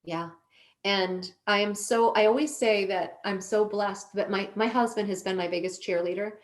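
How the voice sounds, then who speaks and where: Earnest woman telling a slow personal story. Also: mid-range voice, fairly even intonation. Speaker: podcast guest.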